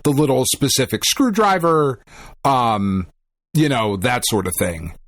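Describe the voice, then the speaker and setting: Slow-talking podcast man, dry sound. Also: medium pitch, expressive, dry recording. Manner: short backchannels, casual swearing. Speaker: podcast co-host. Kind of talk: casual podcast chat.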